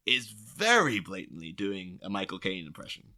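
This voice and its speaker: A man co-hosting a casual podcast chat, animated and laughing as he acts out quotes in silly voices. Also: sits low, normal speed. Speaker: podcast co-host.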